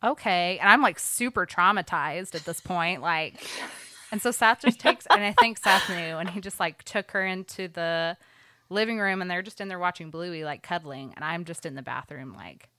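A woman's voice: lowish voice, normal speed, pushed and bright, dry recording, studio quality. A young woman telling a story in casual podcast chat, full of "like"s. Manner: chatty storytelling with many "like"s.

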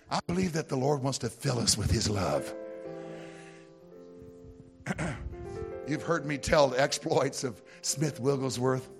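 An American man in middle age delivers a sermon in a folksy, storytelling way, then builds to loud, emphatic points. His voice sits at an average pitch for a man. Music plays clearly underneath him. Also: lively intonation, moderate pace, pauses often. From United States. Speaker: pastor. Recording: music playing behind.

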